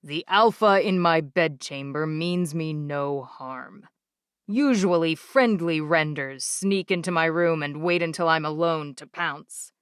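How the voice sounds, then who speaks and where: A woman voicing a sardonic, teasing adult male emperor in an audiobook, speaking in a wry, languid, slow drawl. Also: low voice, clear, resonant tone, no echo, studio quality.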